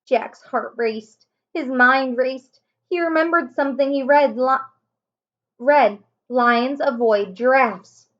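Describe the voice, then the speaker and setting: A woman teacher reading a children's chapter book aloud, slowly and carefully, raising her voice for the children's lines. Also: sits high, muffled recording. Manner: slow, careful reading with small self-corrections. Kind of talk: storybook read-aloud.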